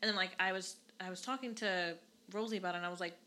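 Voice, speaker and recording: Woman in her thirties, podcast co-host, bright tone, animated and profane storytelling. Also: on the low side, quick pace. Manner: animated storytelling, swears freely. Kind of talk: casual chat.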